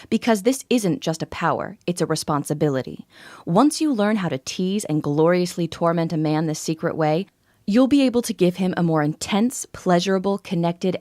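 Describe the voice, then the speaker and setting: A woman's voice: lowish voice, a little mellow, dry recording, clean studio sound. A woman in her forties narrating a scripted first-person sales story in an intimate, confiding way. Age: 40s.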